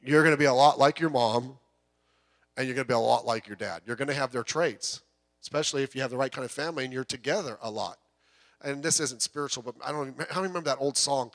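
Speaking quickly in a medium-pitched, fairly bright voice, this pastor chats with his congregation during the sermon. He asks them questions and performs the quotes he cites. The sound carries a long hall reverb.

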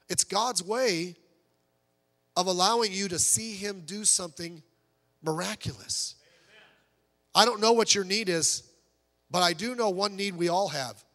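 A man preaching a sermon as pastor, swinging from soft low asides to raised, pleading urgency. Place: church sanctuary. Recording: church hall reverb.

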